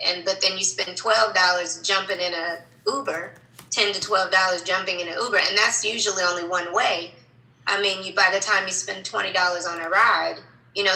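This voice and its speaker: A woman's voice: mid-range voice, pushed and bright. A woman guest on a podcast, earnestly explaining with frequent "um"s. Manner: earnest, explanatory, many fillers. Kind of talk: interview answers. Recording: echoey, distant from the mic.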